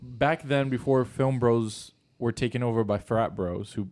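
A young adult man co-hosting a podcast in relaxed casual chat, full of "like" fillers. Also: medium pitch, measured pace. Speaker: podcast co-host.

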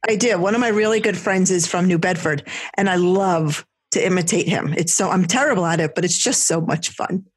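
A woman's voice: lowish voice, a little fast, few pauses, slightly rough. A woman with a New Jersey–New York accent co-hosting a podcast, chatting in a friendly, self-deprecating way. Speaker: podcast co-host. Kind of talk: casual interview chat.

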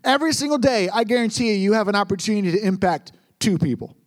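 Young male pastor, high voice, earnest storytelling sermon delivery. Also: expressive, quick pace. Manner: earnest, storytelling, repeats words for emphasis.

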